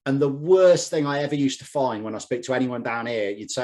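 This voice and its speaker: A man from Scotland hosts a relaxed podcast interview, joking as he goes. His voice sits at an ordinary middle pitch for a man, and his talk is easygoing. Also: fast. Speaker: podcast host. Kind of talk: casual interview.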